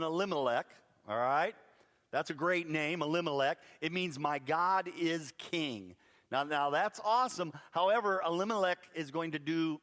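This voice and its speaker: A man preaching a sermon, telling a Bible story in a lively way with playful asides. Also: on the high side, in a large hall. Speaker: pastor. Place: church sanctuary.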